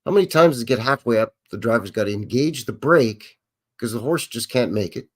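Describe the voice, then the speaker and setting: A middle-aged man hosts a relaxed livestream, rambling on and chatting with viewers as he goes. His pitch swings widely up and down, and he talks in a loose, unscripted way. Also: brisk, breathy edge. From Canada. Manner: rambling, chatty, greets chat viewers by name. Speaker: livestream host. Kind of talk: casual live commentary over old footage.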